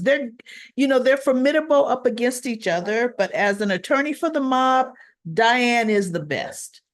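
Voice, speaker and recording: A woman casually recapping a soap opera episode, retelling the scenes in a chatty way and voicing bits of the dialogue. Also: on the high side. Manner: chatty, acts out dialogue in quotes.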